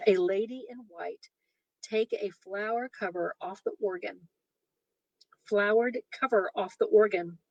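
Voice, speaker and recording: A woman's voice: medium pitch, darkish tone, no room sound, rough recording. A woman reading a short story aloud, breaking off for amused asides. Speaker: reader.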